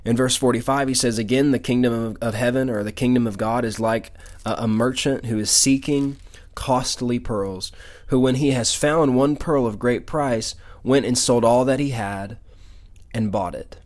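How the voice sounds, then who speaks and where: A man's voice: medium pitch, steady tone, normal speed, darkish tone. A man preaching a sermon, reading scripture aloud and explaining it with emphatic asides and frequent repeated words.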